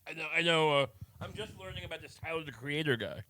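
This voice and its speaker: A man, a podcast guest, speaking in a halting, deadpan, self-deprecating way in casual comedic banter. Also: fairly high pitch, no room sound.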